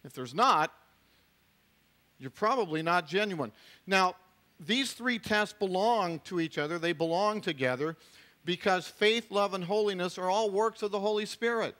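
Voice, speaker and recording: A middle-aged male pastor preaches a sermon at a moderate pace, his bright, forceful voice sitting a bit higher than most men's. His delivery is conversational, with restarted phrases and asides thrown in.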